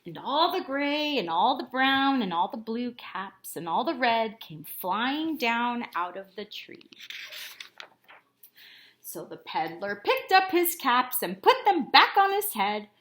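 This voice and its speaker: A woman's voice: a little high, big pitch swings, slow pace, fairly bright tone, slight background noise. A woman reading a picture book aloud to children, asking them questions and having them join in. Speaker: storyteller for children.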